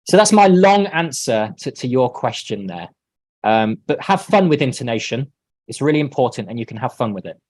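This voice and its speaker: A man leading an online teacher-training workshop, explaining in a relaxed way and acting out sample lines. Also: mid-range voice, moderate pace, no room sound.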